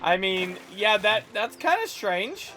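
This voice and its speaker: A man's voice: sits high, very animated, slow pace, sharp tone, soft background music. A man chatting casually while playing a game, jokey and playful as he tells stories. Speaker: co-host. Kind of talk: casual gaming chat.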